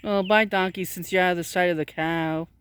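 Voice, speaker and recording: Here a lowish, steady, clear and resonant female voice comes through, slightly quick in pace. The speaker is a vlogger in a pasture, filming handheld as she coos at cows and donkeys in a baby-talk way.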